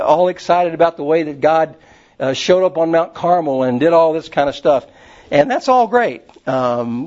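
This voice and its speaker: Male preacher, folksy rambling storyteller, slightly high voice, muffled lo-fi recording. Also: darkish tone. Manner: folksy and rambling, with many fillers. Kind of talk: casual sermon storytelling.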